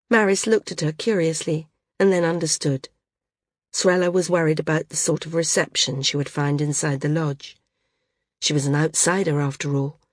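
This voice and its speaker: A woman narrating a novel as an audiobook in a measured storytelling manner. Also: deep voice, no echo, studio quality.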